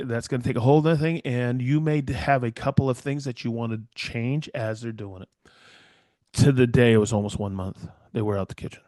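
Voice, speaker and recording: A middle-aged man co-hosting a podcast, spinning stories in an easy conversational way. He acts out the other people in his stories, jumping up in pitch for their lines. His voice sits mid-range and sounds dry and close to the mic. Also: a little fast, no room sound. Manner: animated storyteller who acts out quoted dialogue. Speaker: podcast co-host, woodworker. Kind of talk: casual podcast chat.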